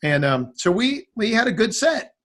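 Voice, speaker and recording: A guest musician with a high-pitched voice and moderate pace tells a long, rambling story in a casual chat. He's animated throughout and acts out other people's words.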